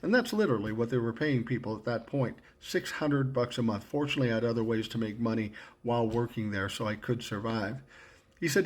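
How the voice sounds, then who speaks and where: A man's voice: medium pitch, a little fast. A man in his sixties telling a story from his past in a blunt, profane, casual way, acting out his own lines with a rising voice. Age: 60s. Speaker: storyteller recalling his radio career.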